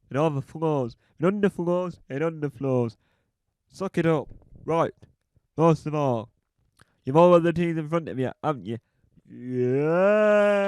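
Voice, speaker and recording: A woman's voice: deep voice, a little mellow, clean tone, no room sound, clean studio sound. A performer voicing a bossy female builder who barks instructions at new recruits in a comedy sketch. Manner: barking drill-sergeant instructions.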